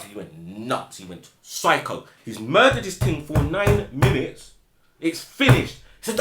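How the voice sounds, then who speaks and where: A man tells a rambling story in thick slang. His voice is a bit high and swings widely as he shouts out other people's lines. The room around him is echoey. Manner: animated, acts out shouted quotes, slang-heavy. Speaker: guest storyteller. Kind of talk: casual anecdote.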